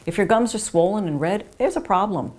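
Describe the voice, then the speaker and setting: A woman's voice: mid-range voice, animated, brisk, a little mellow. A woman dentist explaining gum care to patients in an earnest, emphatic way, using homely images to repeat her points. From United States.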